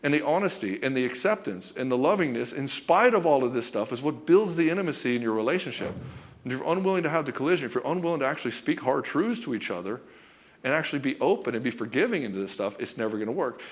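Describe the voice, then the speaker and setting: A man coaching husbands in a blunt, profane way, often acting out quick back-and-forth exchanges between a husband and his wife. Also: mid-range voice, lively intonation. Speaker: relationship coach. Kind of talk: direct-to-camera coaching talk.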